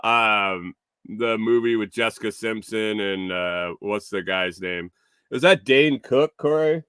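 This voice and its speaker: Host, male, bright and forceful, crisp and dry sound; chatty storyteller who laughs at himself. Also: on the low side, slow pace, no echo. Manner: rambling, chuckling, self-correcting. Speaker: morning show host. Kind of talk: casual storytelling to a live chat.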